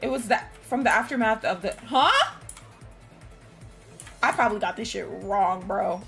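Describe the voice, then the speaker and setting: A woman streaming a video game, chatting casually with her viewers, excitable, laughing and shrieking often. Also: medium pitch, moderate pace, vocal fry, over music. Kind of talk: casual live-stream commentary.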